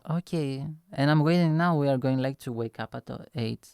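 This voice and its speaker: Young man, rambling casual vlog storytelling, smooth clear voice, dry close sound. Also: normal speed, no echo. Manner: rambling, animated, heavy filler words like "right?" and "boom". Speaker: vlogger.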